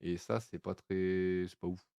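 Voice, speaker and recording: A man's voice: low voice, fairly even intonation, normal speed, gravelly, mellow, clean tone, dry recording, clean studio sound. A man giving casual, joking commentary while playing a dating game. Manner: joking, sarcastic asides. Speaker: let's play host.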